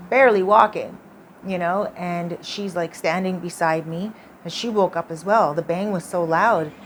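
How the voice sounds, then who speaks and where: A woman's voice: lowish voice, slight background noise. A woman vlogger telling a personal story in a chatty, casual way, full of "like" and "you know".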